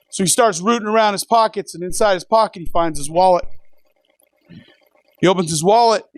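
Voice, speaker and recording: Man, first responder comic, high voice, dry close sound, dark humor. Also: dry recording. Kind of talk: stand-up storytelling.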